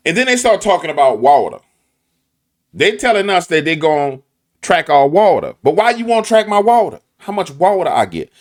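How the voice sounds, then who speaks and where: A man with a New Orleans accent giving animated, preachy conspiracy commentary full of slang and repetition. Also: medium pitch.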